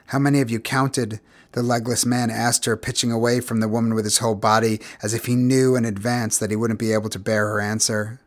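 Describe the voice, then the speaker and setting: A man narrating literary fiction as an audiobook, in a measured, expressive reading voice. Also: fairly low pitch. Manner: measured, expressive, grows quiet and somber.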